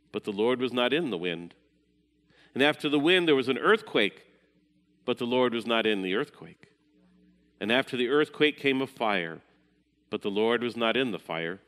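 A man preaching a sermon as pastor, measured in delivery and sometimes dropping to a hushed voice. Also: mid-range voice, long reverb tail.

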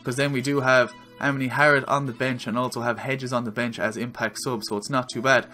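An Irish man giving his own excitable commentary while playing a football video game, yelling at the screen during big moments. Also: medium pitch, a little fast, soft background music. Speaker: gaming video creator.

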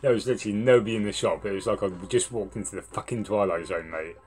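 A man's voice: on the low side, fast. A young man telling a rambling, swear-filled story in a casual vlog. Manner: swears a lot, rambling and animated when retelling.

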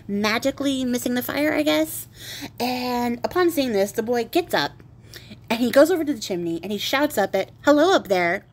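A woman casually retelling a fairy tale in a chatty, irreverent way with wry asides. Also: mid-range voice. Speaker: crafting channel host retelling a fairy tale. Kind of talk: casual storytelling.

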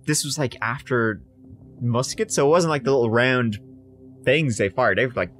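A British podcast co-host with a mid-range voice and moderate pace tells a true crime story, faint music playing behind him. He's animated and jokey, casual in tone, acting out quotes in bursts.

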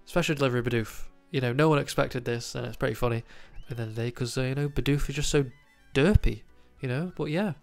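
With soft music in the background, a trading card news host who has a cold talks to camera in a gravelly, nasal, mid-range voice. He moves fairly quickly with few pauses, chatty and full of ums and uhs.

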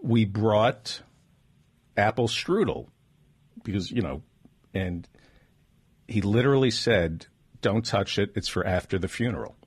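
Husky man telling jokes, lively. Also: on the low side. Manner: animated joke-telling, quick asides. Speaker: host. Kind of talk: comedic podcast banter.

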